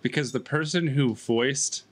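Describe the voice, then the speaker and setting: A man's voice: mid-range voice, a little slow. A man chatting casually with friends about a movie, asking pointed questions and teasing. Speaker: podcast co-host.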